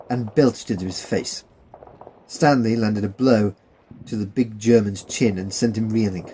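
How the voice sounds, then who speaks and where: A man narrates a long war story as an audiobook in a plain, steady reading. His voice sits low. A faint hiss runs under the recording. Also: low-quality recording.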